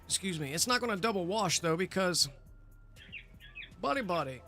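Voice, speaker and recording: A man's voice: sits high, fast talker, pushed and bright, soft background music. A man hosting a live gaming stream, chatting loosely with viewers, rambling and swearing casually. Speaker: livestream host. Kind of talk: casual livestream chat.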